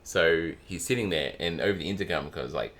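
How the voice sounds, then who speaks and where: Low in pitch and a little bright, his voice moves along briskly. He's a man co-hosting a podcast, casually trading anecdotes and breaking into laughter a lot.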